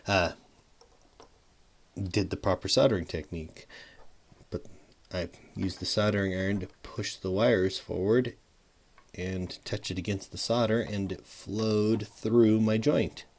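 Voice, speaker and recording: At a measured pace with long pauses, a man whose voice is on the low side, steady and a little mellow, narrates his soldering casually. This hobbyist modder works at a home bench, mumbling and trailing off mid-thought while shifting toward and away from a desk mic.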